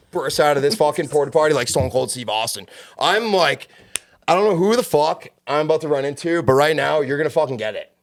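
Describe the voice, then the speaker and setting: A man telling rowdy stories as a guest on a casual podcast, swearing a lot and acting out the shouted lines in them. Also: medium pitch, vocal fry. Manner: animated, profane, acts out shouted quotes. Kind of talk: casual storytelling chat.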